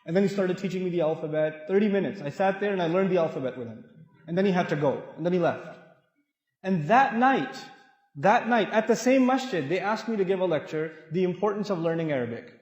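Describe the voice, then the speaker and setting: A man giving a lively lecture in a mosque, telling anecdotes and acting out the people in them. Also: high-pitched, brisk, lo-fi sound. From Pakistan. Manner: animated storyteller, acts out quoted people, laughs. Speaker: preacher. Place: mosque hall. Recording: echoey hall reverb.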